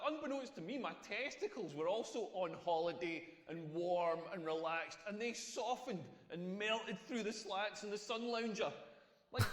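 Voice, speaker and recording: A crude, self-mocking Scottish stand-up comic, played by a middle-aged man, with a fairly high voice. He rolls out dry, deadpan stories toward rising punchlines, heard across an echoey comedy club hall with a long tail of reverb. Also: lightly acted.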